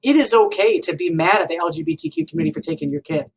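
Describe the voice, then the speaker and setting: A woman's voice: medium pitch, very animated, very fast, gravelly, slight background noise, rough recording. Earnest, chatty woman telling her story. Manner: conversational, often asks "right?" and "you know?"; earnest and openly emotional. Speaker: guest. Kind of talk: emotional personal storytelling.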